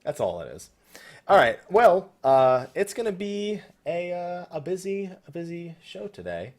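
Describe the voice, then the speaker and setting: Lively jokey male podcast host. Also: sits high, a little slow. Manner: jokey, rambling, laughs often. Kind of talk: casual podcast chat.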